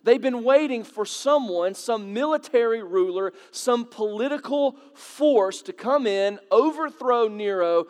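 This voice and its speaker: A man with a high voice preaches a sermon to his congregation. He talks in a loose, conversational way, asks questions, and rises to dramatic peaks. His voice carries a long echo from the hall around him. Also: expressive, unhurried, hardly any pauses, darkish tone. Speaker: pastor.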